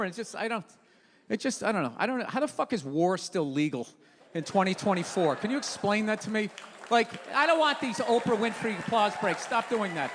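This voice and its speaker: An older man doing a stand-up comedy set, ranting loudly and profanely, often shouting his punchlines. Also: very high voice, animated, moderate pace. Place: large theater stage before a crowd. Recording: live hall reverb, loud crowd noise. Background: audience laughter and applause.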